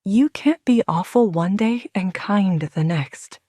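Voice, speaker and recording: A woman doing a sharp-tongued, guarded young woman. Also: medium pitch, slow pace, dry recording, clean studio sound. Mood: wary, sarcastic.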